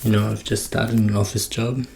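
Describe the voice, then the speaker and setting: Gravelly flat-voiced man, soft-spoken ASMR. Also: moderate pace, very noisy. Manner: switches between whispering and soft low talk, wry joking asides. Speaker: ASMR creator. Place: his room at home.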